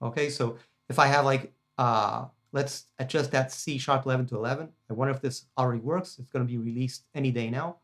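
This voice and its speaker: A man's voice: medium pitch, steady tone, brisk, fairly bright tone. A man teaching guitar harmony in a casual, chatty lesson, enthusiastic and full of fillers and restarts. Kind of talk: casual lesson demonstrating a practice app.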